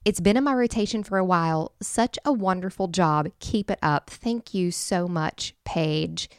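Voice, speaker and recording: A woman co-hosting a podcast in casual chat, bubbly and quick to laugh as she reads out listener reviews. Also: on the low side, clear, resonant tone, no room sound, studio quality. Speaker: podcast co-host.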